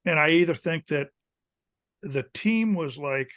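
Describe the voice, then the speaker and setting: A man's voice: a little high, unhurried, long pauses. A man in his fifties with a slightly raised voice tells old football stories in an easy, chatty way. He slips into the voices of the coaches he quotes. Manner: animated storyteller who acts out quoted coaches. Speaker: podcast guest, former college kicker. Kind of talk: casual storytelling interview.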